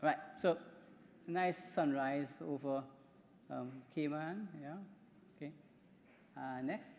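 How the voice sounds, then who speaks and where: A man's voice: on the high side, takes it slowly, darkish tone, a little hiss or hum. Man presenting in a reverberant hall. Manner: chatty, rambling, with repeated words. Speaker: doctor giving a conference talk. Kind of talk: conference presentation. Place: conference hall. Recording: hall reverb from a microphone in a conference room.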